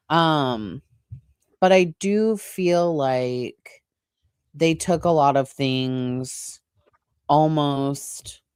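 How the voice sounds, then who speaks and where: Woman co-host, casual chat, low voice, halting with fillers, dry mic. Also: clean tone, no echo. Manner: relaxed and halting, lots of "like" and "um". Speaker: podcast co-host.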